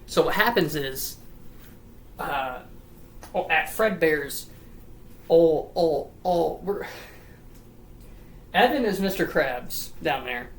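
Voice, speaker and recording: A woman tells a story in a casual, comedic ramble, swearing freely and jumping all over her pitch range. Her voice sits low for a woman. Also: poor audio. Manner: rambling, profane, animated. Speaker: lore storyteller.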